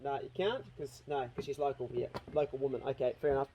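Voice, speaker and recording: A man hosting a casual chat, spinning an animated yarn with some swearing. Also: medium pitch, fast talker, a little hiss or hum. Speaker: host.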